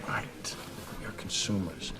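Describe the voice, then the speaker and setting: A man's voice: measured pace, lightly acted. An actor playing a brash, anarchic young man who rants with scorn about consumer life, in film dialogue. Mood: scornful. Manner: scornful, declarative ranting.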